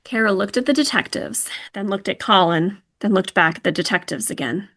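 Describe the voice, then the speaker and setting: Bright-voiced female true-crime host. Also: medium pitch, expressive, brisk. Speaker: podcast host.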